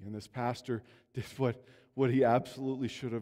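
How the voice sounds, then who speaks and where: A man's voice: mid-range voice, flat delivery, fast, warm tone. Earnest male pastor in a reverberant church. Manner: earnest storytelling, voice swells and drops. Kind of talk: sermon. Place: church sanctuary. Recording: long reverb of a church hall.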